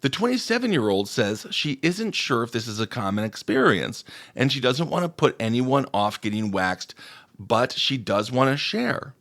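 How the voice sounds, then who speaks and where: Podcast host, male, bawdy joker, very animated delivery. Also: mid-range voice, moderate pace. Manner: crude, joking storyteller reading out posts. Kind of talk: casual podcast chat.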